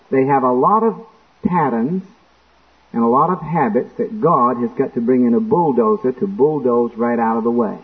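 A man preaching a sermon in church, acting out quotes and breaking into sudden shouts. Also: medium pitch. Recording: tinny lo-fi phone-like recording.

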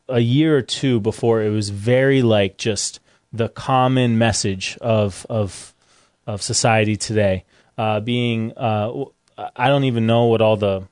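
Man speaking relaxed, dry close sound. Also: medium pitch, no echo. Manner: relaxed storytelling with frequent restarts. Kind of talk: casual discussion.

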